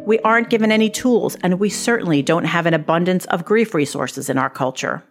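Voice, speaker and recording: Host narrator: woman, lower pitch, measured and reflective, scripted reads over faint guitar. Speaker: podcast host.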